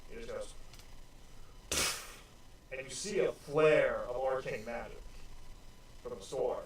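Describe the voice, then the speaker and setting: A man's voice: mid-range voice, slow, background noise. A man running a tabletop game as game master, narrating loosely and with a lot of fillers. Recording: very echoey room, mic far off.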